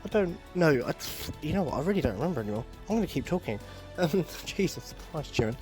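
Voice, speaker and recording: A man's voice: a little high, big pitch swings, very fast, a little mellow, faint music behind. A young man talking casually on his own podcast, rambling and breaking off into joking asides. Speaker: podcast host. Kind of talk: casual solo podcast talk.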